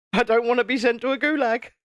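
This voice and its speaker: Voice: mid-range voice, fairly bright tone, no room sound, clean studio sound. A British host chatting wryly with a live chat while building a model, teasing and joking. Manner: wry, teasing banter with the chat.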